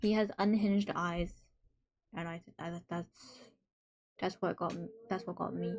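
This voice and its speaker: A woman's voice: lowish voice, steady tone, unhurried, darkish tone. A woman hosting a live stream in casual chat, reading out messages from viewers and reacting to them playfully. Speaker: livestream host.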